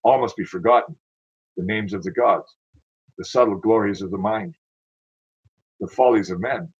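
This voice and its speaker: Husky low-voiced man reading poetry. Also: moderate pace, muffled recording. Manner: dramatic, declaiming recitation. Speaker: poet reading his own work. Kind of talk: poetry reading with chatty asides.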